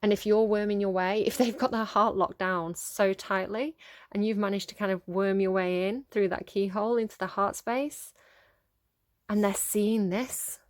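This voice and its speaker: A woman with a mid-range voice and steady tone gives a casual tarot reading directly to her viewers at normal speed. She is earnest and coaxing, laughing often between points, and there is no echo.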